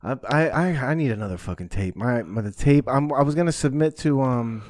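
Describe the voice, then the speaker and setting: Dry-sounding, laid-back comedian guest. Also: male voice, mid-range voice, a little fast, a little mellow, no echo. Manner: laid-back, swears a lot, says "bro". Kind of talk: casual podcast chat. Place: basement. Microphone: podcast mic held low.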